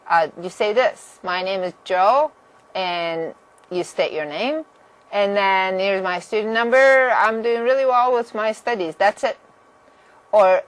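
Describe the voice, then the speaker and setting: A woman teacher walks students through course rules in a plain, mid-pitched voice. She talks directly and firmly, stressing deadlines, and now and then clears her throat. It is a recorded classroom lecture. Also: moderate pace, low-quality recording. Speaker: math instructor.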